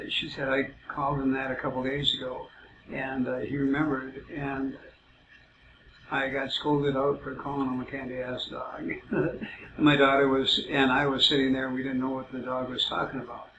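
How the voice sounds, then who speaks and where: A man telling rambling personal stories in a halting way, full of "uh" fillers. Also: mid-range voice. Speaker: self-described psychic telling stories. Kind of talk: casual storytelling. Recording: roomy, muffled, noisy amateur recording.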